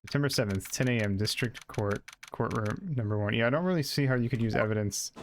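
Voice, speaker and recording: A man's voice: mid-range voice, fast, a little hiss or hum. A man streaming a game, reading dialogue aloud and joking casually, swearing now and then.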